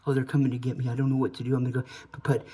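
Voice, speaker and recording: A man imitating a frantic, panicking man in a high, breathless, pleading voice. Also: fast, a little mellow, husky. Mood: panicked.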